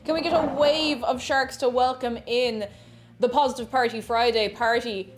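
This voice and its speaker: A woman's voice: fairly high pitch, steady tone, moderate pace. A woman, a variety streamer chatting casually with her chat while she bakes, greeting viewers by name and laughing often.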